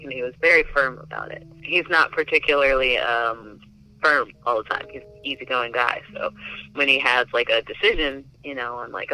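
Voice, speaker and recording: Bright, forceful man telling a story. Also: medium pitch, fairly even intonation, normal speed, no echo, low-quality recording. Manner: chatty, filler-heavy with many likes. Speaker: interviewee. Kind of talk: casual storytelling.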